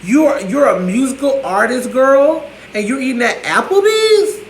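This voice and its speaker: A man's voice: very high voice, lively intonation, measured pace, a little hiss or hum. A man ranting to camera in a profane, sassy, scolding way, in an echoey room. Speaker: vlogger.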